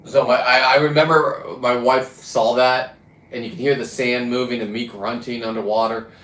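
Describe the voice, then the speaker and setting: A man talks in a loose, rambling monologue, blunt and full of swearing. He often restarts his sentences mid-thought. His voice sits in an ordinary middle pitch, and the room gives it a noticeable echo. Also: steady tone, moderate pace, fairly bright tone. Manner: blunt and profane, with frequent restarts. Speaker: diver and fishing vlogger. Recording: roomy echo.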